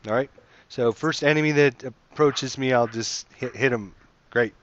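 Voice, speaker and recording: A man's voice: medium pitch, normal speed, highs cut off. A man running an online tabletop game as dungeon master, explaining rules patiently with fillers and restarts.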